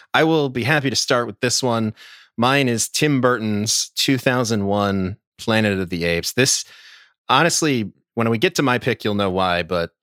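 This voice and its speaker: A man co-hosting a podcast in casual chat, telling his points in an animated, rambling way. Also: on the low side, no room sound, studio quality. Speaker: podcast co-host.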